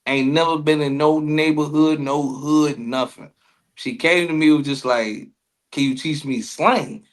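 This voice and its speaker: A man co-hosting a casual comedy podcast, telling animated stories, acting out quotes and swearing freely. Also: a little high, a little slow. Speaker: podcast co-host.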